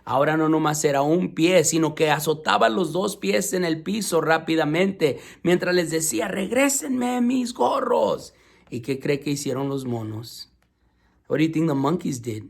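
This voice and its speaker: A man reading a children's storybook aloud in two languages, pausing to ask his listeners questions in a patient, teacherly way. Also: fairly high pitch, creaky. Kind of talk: bilingual storybook read-aloud.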